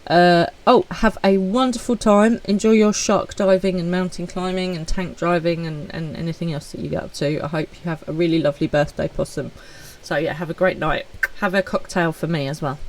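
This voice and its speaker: A woman's voice: on the low side, fairly even intonation, fairly quick, hardly any pauses, slight background noise, poor audio. A woman streaming live, chatting casually and with self-deprecating humor as she reads out messages from viewers. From United Kingdom.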